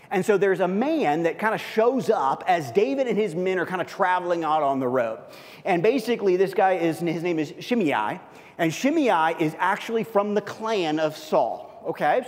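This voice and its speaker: A man's voice: high-pitched, in a large hall. A man preaching a sermon in a casual, conversational way, full of fillers and asides. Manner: conversational, heavy use of fillers. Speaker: pastor.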